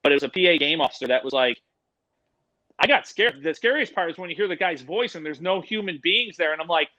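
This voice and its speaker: Middle aged guy, high tense voice, tells wild stories and cusses a lot. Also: fast, dry recording, lo-fi sound. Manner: animated, swears freely, acts out voices in his stories. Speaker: podcast guest, animal educator. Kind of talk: casual storytelling.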